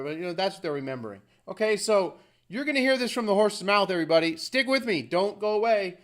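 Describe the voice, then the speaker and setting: A man with a high voice talks casually to his viewers, rambling from point to point with plenty of asides. He stays informal and chatty throughout. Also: lively intonation, quick pace, few pauses, a bit bright. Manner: rambling, conversational, fond of asides. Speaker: video host. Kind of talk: casual commentary to camera.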